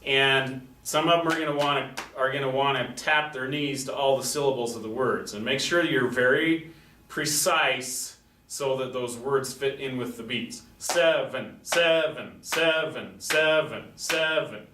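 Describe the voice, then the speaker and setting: A man's voice: medium pitch, steady tone, normal speed, pushed and bright. Man teaching music in an echoey room. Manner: patient, explains step by step with spoken examples. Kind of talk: classroom teaching demonstration. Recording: roomy echo from a distant mic with faint noise.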